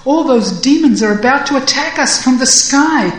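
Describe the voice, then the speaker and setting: A woman's voice: sits high, expressive, moderate pace, roomy sound, voice pushed up, low-quality recording. A woman voicing a timid, boastful young male cowherd who cries out in alarm and then brags. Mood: fearful.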